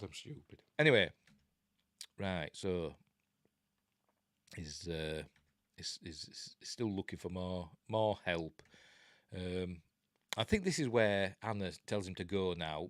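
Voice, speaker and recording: A middle-aged Yorkshire man talks through a film in a loose, chatty way and throws in sarcastic jabs. His voice sits low but swings up and down a lot. The sound is dry and close. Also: no echo. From Yorkshire, England. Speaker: film review host. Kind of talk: casual live film commentary.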